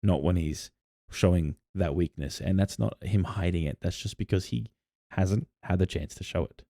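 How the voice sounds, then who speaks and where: Brief: male podcast co-host, very low voice, rambling, dry close mic. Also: normal speed, gravelly, dark tone, no room sound. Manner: rambling storyteller with many "like" fillers and restarts. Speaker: podcast co-host and game master. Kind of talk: casual chat about tabletop campaigns.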